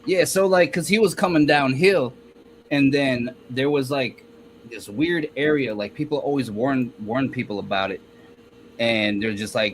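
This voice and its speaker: A man, a guest rapper, telling a story in a casual interview, halting with many restarts. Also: medium pitch, slight background noise.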